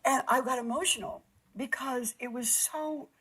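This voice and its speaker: Halting, emotional woman telling a story. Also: high voice, sharp tone, husky, low-quality recording. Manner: halting, repeats words, stumbles and restarts. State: close to tears. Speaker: guest recounting an experience.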